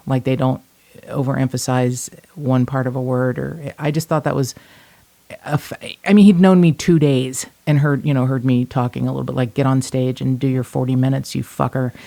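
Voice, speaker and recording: A woman's voice: very deep voice, vocal fry, mellow. A woman from Northern Kentucky co-hosting a true-crime podcast, telling stories in a blunt, salty, casual way. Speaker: podcast co-host.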